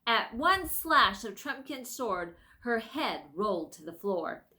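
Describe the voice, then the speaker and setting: Woman narrator, audiobook, bright and slow, lively pitch. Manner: measured, expressive. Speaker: audiobook reader. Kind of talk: scripted narration.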